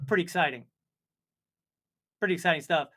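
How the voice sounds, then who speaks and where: With a fairly high, a bit bright voice and a fairly quick pace, this man co-hosts a comedy livestream. He reads out viewer comments and chats in a rambling, jokey, self-mocking way.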